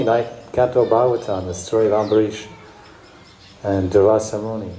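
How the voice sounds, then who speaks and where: A man's voice: fairly low pitch, fairly even intonation, normal speed, dark tone. A man giving a devotional storytelling lecture as a spiritual teacher, emotive and repetitive, now and then slipping into chanted song. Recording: echoey room, faint background noise.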